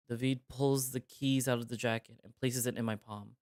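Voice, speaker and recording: A man reads a visual novel aloud on a live stream, narrating in the first person. His voice sits at an ordinary middle pitch. He breaks off now and then for casual, joking remarks. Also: steady tone, normal speed, hardly any pauses, a little mellow, dry recording, clean studio sound.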